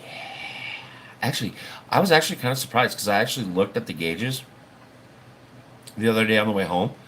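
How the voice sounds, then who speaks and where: A man's voice: on the low side, lively intonation, a little fast, a bit bright, slight background noise. A man hosting a livestream, chatting casually in a rambling, folksy way and swearing now and then. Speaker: livestream host.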